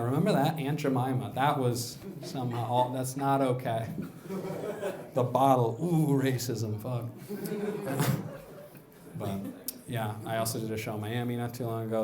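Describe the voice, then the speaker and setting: Brief: male stand-up comic, loose self-mocking delivery, echoey club, laughing crowd. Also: mid-range voice. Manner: rambling, self-mocking, profane. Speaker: stand-up comedian. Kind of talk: stand-up comedy set. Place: comedy club stage. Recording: roomy club with audience laughter. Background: live audience laughing.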